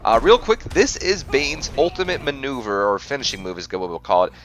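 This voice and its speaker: A man's voice: medium pitch, animated, fairly quick, fairly bright tone. A man hosting a game playthrough, reading facts aloud and often stumbling and correcting himself. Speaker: gaming channel host.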